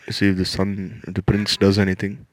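A man with a very deep voice delivers a religious lecture, retelling a sacred story. He speaks in an even, flat tone, moving slowly and repeating or restarting his phrases as he goes. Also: poor audio.

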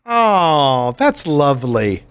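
A man's voice: on the high side, big pitch swings, drawn-out words, a bit bright, clean tone, no room sound. A man co-hosting a casual podcast, joking and laughing often. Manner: playful, jokey, laughs often. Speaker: podcast co-host.

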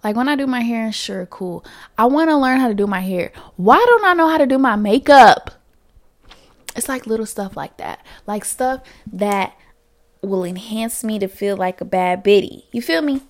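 A young woman hosting a casual solo podcast, chatty and candid, full of slang, dropping to whispered asides and then rising to loud bursts. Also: a little high, expressive, normal speed. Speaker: podcast host.

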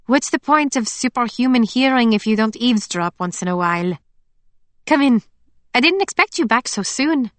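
A woman voicing a young heroine in an audiobook, in a plain, steady, lightly wry manner close to her own voice. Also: fairly high pitch, moderate pace, no room sound, pitched above the performer's own voice. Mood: teasing. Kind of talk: audiobook character voice.

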